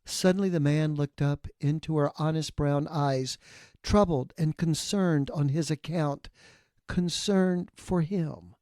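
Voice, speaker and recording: A man co-hosting a podcast, reading a folktale aloud in an expressive, dramatic way. His voice sits fairly high for a man. The recording is close and dry. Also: slow, no echo. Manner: expressive storytelling. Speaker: podcast co-host and storyteller. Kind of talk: dramatic read-aloud narration.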